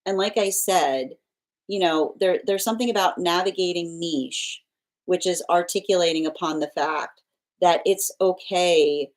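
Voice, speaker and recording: A woman's voice: on the low side, unhurried. A woman giving a live tarot reading, rambling and circling back with repeated phrases and restarts. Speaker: tarot reader.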